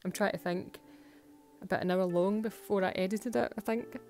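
A woman's voice: medium pitch, fairly even intonation, normal speed, a little mellow, soft background music. A Scottish woman chatting through a home voice-over for her nail art videos, self-mocking and laughing often. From Scotland. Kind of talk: casual voice-over narration.

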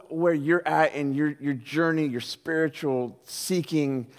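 A man's voice: fairly high pitch, measured pace, few pauses, big-room sound. A man from Southern California preaching a sermon as pastor, telling stories animatedly and acting out the voices in them. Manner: animated storyteller, acts out quoted voices, many "like"s.

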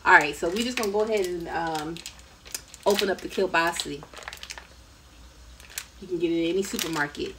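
Here a woman's lower voice comes through a little fast, broken by long pauses. She hosts a relaxed cooking live stream from her home kitchen, laughing and chatting with viewers while she cooks, and the live-stream sound is distant and noisy.

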